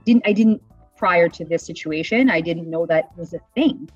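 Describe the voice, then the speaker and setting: A woman's voice: on the low side, normal speed, dry recording, highs cut off, soft background music. A woman guest chatting casually on a video call, saying "like" often. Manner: casual, uses "like" a lot. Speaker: podcast guest.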